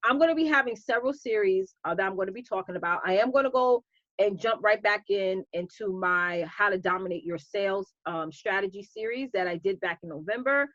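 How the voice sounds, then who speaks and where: A woman coach hosting a casual live stream, chatty and animated, greeting viewers by name. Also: medium pitch, a little fast, no room sound, highs cut off.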